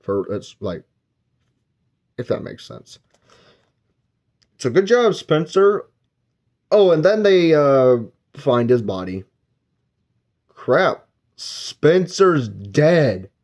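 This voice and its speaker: A man's voice: fairly high pitch, sing-song, very slow, long pauses, a little mellow. A man giving a casual, rambling spoken book review, retelling the plot and briefly acting out characters' lines. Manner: rambling plot recap with filler words.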